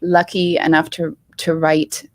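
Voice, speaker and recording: A woman's voice: sits low, monotone, unhurried, dry recording, clean studio sound. A woman being interviewed about her children's book, telling her story earnestly with frequent ums. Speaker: author guest. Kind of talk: live interview conversation. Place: live online show.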